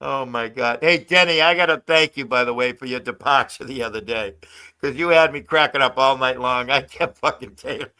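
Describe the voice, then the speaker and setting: A man's voice: medium pitch, a little fast, sharp tone, clear, resonant tone. An older man hosting a casual phone livestream, talking loosely with lots of swearing and laughter. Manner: loose, profane, laughs a lot. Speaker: livestream host.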